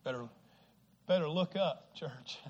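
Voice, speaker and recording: A man preaching a sermon to a congregation, shifting from quiet, slow stretches to loud exhortation and stumbling over repeated words. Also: a little high, muffled recording. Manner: swings from hushed to shouting exhortation, repeats words; acts out quoted people with sudden shifts.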